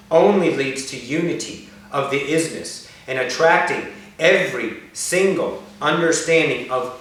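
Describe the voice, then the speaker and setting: A woman voicing a channeled otherworldly spirit, preaching in slow, repeated, incantatory fragments during a spiritual channeling session. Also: low voice. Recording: very echoey room, distant mic.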